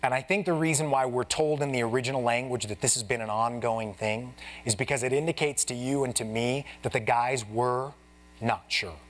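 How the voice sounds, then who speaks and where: Preaching a little fast in a mid-range voice, a pastor gives an expository sermon inside a church sanctuary. He chats casually with the congregation as though they're friends and performs Bible scenes, giving the characters lively voices.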